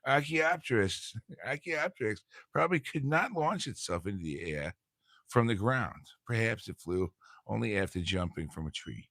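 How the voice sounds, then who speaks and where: Guy doing a goofy cartoon dad voice, loud and jokey, gravelly, phone recording. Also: fairly low pitch, lively intonation, moderate pace, no echo, pitched above the performer's own voice, exaggerated voice. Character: goofy middle-aged male cartoon dad.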